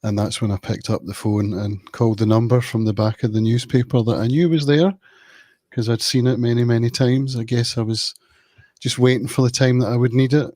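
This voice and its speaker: A man from Scotland with a Scottish accent, a podcast guest speaking calmly and candidly about his past over a video call. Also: medium pitch, no echo. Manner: calm, candid, measured storytelling. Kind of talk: personal recovery story in an interview.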